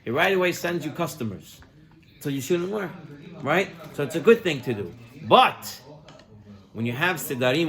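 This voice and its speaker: Rabbi man telling a story in a sermon, acts out the voices, kinda high pitched. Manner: animated, acts out quoted voices with big pitch jumps.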